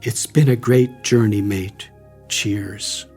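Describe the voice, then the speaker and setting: A man's voice: mid-range voice, takes it slowly, a little mellow, husky, soft background music. A man reading a worried, brotherly young traveler. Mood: fond. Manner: fond, concerned.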